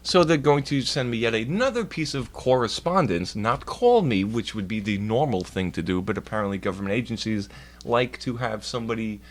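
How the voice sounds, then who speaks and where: A man's voice: lowish voice, animated, a little fast. A man streaming from home, rambling through a profane story in casual chat and putting on voices for the people he quotes. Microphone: laptop mic.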